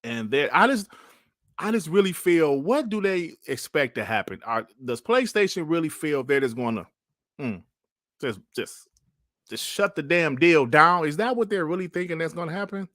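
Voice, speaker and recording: A man riffs as host of a gaming livestream, exasperated and animated, circling back to the same lines. His voice sits a touch high and leaps around in pitch. The sound is dry and close, with no room around it. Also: moderate pace, no echo. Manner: animated, exasperated, repetitive ranting; sighs and coughs between phrases. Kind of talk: livestream commentary and rant.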